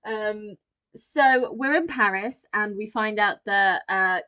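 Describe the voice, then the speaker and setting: A young woman co-hosting a film podcast in casual chat, bubbly and quick to laugh, often acting out lines. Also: mid-range voice, dull audio. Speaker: podcast co-host.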